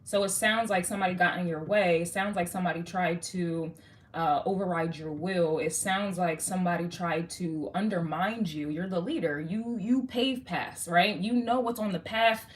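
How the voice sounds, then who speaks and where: A woman's voice: lowish voice, moderate pace. A woman giving a casual tarot reading, slangy and swearing, talking straight to the viewer. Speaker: tarot reader.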